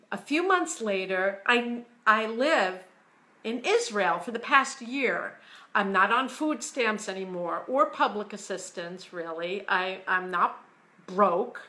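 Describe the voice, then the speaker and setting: Woman, personal testimony, unhurried, bright-toned voice, earnest. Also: on the high side. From United States. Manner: slow, earnest storytelling, quiet and hushed when quoting God; emotional. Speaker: author.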